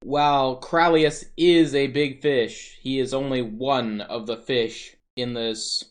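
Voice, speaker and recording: A man playing a stern commander who briefs hired fighters for a tabletop fantasy game. He speaks formally and weighs each word, with a voice of ordinary middle pitch. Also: steady tone, takes it slowly, close to an everyday voice.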